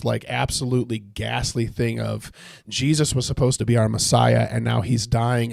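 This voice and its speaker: This man's medium-pitched voice is creaky and darkish, with no echo. He gives casual Bible teaching as he plays a video game, speaking conversationally and thinking aloud, frequently starting over.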